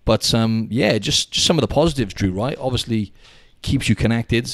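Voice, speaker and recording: A man from the UK hosting a casual podcast chat over a video call, chatty and animated, often calling his co-host "mate". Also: medium pitch, moderate pace, no room sound. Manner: chatty, animated storyteller, says "mate" a lot. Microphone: Skype call.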